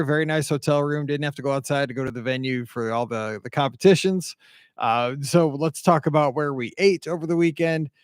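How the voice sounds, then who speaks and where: A middle-aged Midwestern American man with a mid-range voice hosts a podcast, telling a rambling, animated story packed with asides and quoted dialogue. The casual storytelling monologue is recorded with clean studio sound and no room sound.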